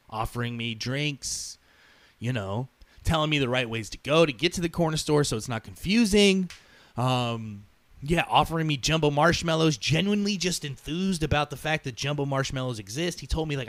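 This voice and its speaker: A man's voice: on the high side, no echo. A man hosting a podcast who tells a story in a sarcastic, profane rant. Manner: animated, sarcastic, swears often. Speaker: podcast host.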